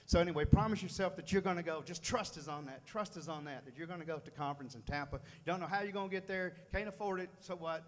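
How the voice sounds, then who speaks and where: A man's voice: on the high side, quick pace, hardly any pauses. A man giving a folksy, fired-up motivational speech to a room at a sales meeting, repeating phrases for emphasis. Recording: long hall reverb.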